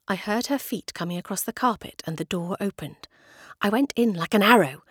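A woman narrating a storybook with expressive, dramatic delivery. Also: medium pitch, a little fast, slightly rough, dry recording, clean studio sound.

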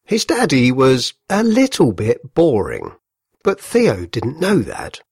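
A man reading a children's story aloud, gently amused and very expressive. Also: medium pitch, slow pace, creaky, husky, no room sound, studio quality.

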